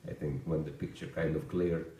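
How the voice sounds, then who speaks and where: Deep-voiced man telling a story in a roomy hall. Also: moderate pace, far from the mic. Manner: relaxed anecdotal storytelling with fillers and chuckles. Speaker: monk giving a talk. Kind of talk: storytelling lecture.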